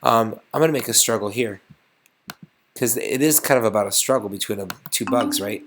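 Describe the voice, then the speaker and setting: A man's voice: on the low side, fairly quick, background noise. A man teaching a casual music lesson, thinking aloud and getting enthusiastic as he composes.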